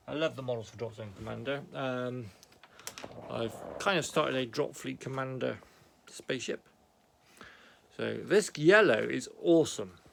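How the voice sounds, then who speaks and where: A man's voice: mid-range voice, gravelly, a bit bright, a little hiss or hum. A British man vlogging about his painted miniatures in his home office, chatty and self-mocking, often muttering asides. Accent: British English. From Britain. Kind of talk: rambling casual show-and-tell.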